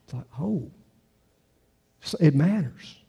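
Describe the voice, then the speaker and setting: A man's voice: fairly high pitch, expressive, slow, gravelly, dark tone, breathy edge. An older man preaching a sermon in a conversational way, full of rhetorical questions and restarts. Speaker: pastor.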